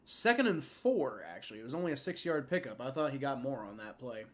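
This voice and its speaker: A young man hosting a live fan stream, giving rambling play-by-play and reaction with many fillers and restarts, getting excited on big plays. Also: medium pitch, fairly quick. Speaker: livestream host.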